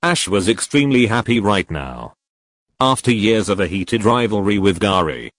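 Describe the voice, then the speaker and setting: A man narrating a fan fiction story in an even storytelling read. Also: on the low side, dry recording.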